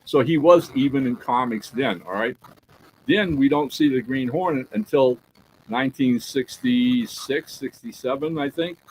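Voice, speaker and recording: A man in a casual podcast chat, spinning a story with lively energy and a mid-range voice. He keeps checking in with his listener and slips into acted bits of dialogue. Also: mid-range voice, unhurried, slight background noise, poor audio. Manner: animated storyteller who acts out quoted dialogue; peppers talk with "right?" and "all right?". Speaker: podcast co-host.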